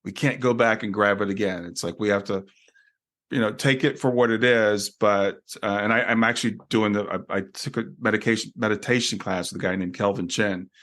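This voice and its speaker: Brief: male podcast host, lower voice, reflective and earnest, casual interview chat. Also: fairly even intonation, a little fast, a bit bright. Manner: reflective, earnest, with frequent restarts. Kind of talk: conversational interview.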